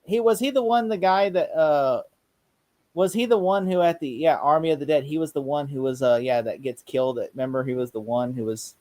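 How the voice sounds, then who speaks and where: A man's voice: fairly high pitch, brisk, dark tone, no echo. A man co-hosting a casual podcast chat, rambling and acting out scenes as he retells them. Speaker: podcast co-host.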